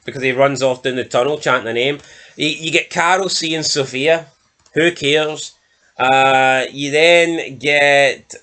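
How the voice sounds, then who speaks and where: A man's voice: medium pitch, sharp tone. A Scottish man giving a blunt, sweary, mocking TV review in casual chat. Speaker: show reviewer.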